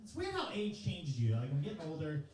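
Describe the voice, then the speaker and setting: A man's voice: on the high side, wildly swooping pitch, brisk, darkish tone, heavy reverb, distant mic, low-quality recording. A man in his thirties doing a loose, profane, self-mocking stand-up comedy set in a comedy club. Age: 30s. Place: comedy club stage, live audience.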